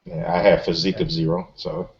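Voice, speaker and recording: A man playing a tabletop game, speaking in a halting, polite way. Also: low-pitched, level tone, muffled recording. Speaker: player. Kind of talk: casual chat during a game.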